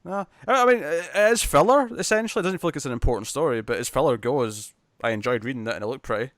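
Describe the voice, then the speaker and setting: A man's voice: mid-range voice, lively intonation, fast, a bit bright. A man talking casually on a comics podcast, chatty and easy with frequent restarts. His voice sits in a middle register. The recording is dry and close, with no room echo. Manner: chatty, laughs easily, many restarts. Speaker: podcast co-host.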